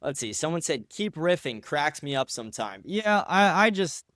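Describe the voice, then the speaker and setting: A man's voice: on the high side, sing-song, normal speed, fairly bright tone, no echo, studio quality. An American man hosting a solo podcast, riffing profanely and combatively while answering listener comments. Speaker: podcast host.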